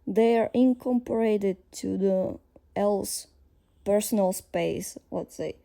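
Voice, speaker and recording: A woman with a Slovak accent teaching a language lesson, explaining slowly with frequent fillers and pauses as she thinks aloud. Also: mid-range voice, vocal fry, warm tone.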